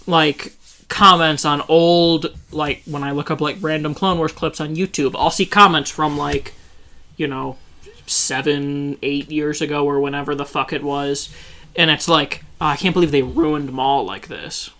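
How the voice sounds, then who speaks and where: A man co-hosting a casual review chat, relaxed and peppering his talk with "like". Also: on the high side, measured pace. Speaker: podcast co-host.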